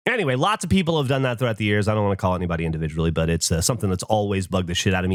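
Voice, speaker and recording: A man's voice: on the low side, animated, rapid-fire, hardly any pauses, dry recording, studio quality. A middle-aged man co-hosting a podcast, ranting with exasperation and acting out little scenes in casual chat. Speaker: podcast co-host.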